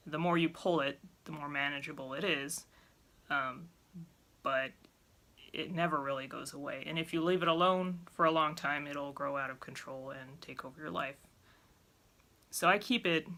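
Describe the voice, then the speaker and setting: A woman's voice: low-pitched, sharp tone. A woman talking bluntly and with exasperation to camera in a casual vlog. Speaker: vlogger.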